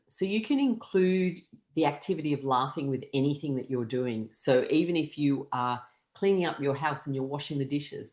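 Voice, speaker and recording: A woman teaching a laughter exercise class, her instructions broken up by loud bursts of rhythmic laughter. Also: rumbling low, echoey room. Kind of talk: guided laughter exercise session.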